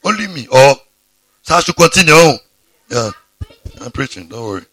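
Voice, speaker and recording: A pastor preaching a sermon, breaking into sudden high exclamations. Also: male voice, big pitch swings, normal speed, fairly bright tone, breathy edge, no room sound.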